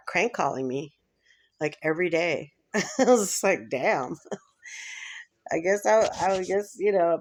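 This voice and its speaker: A woman vlogger talking in a rambling, casual chat to camera, laughing often between thoughts. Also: sits low.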